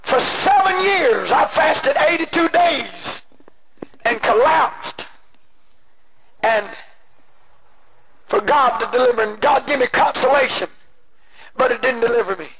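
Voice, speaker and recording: A male preacher delivering an impassioned sermon, moving between shouted pleading and hushed personal storytelling. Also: extremely high pitch, lively intonation, slow, long pauses. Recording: noisy old cassette tape.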